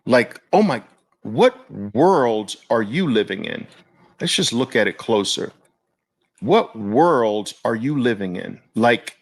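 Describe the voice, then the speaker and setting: A man hosting market commentary, animated and exclamatory, with an incredulous edge. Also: mid-range voice, creaky. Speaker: host.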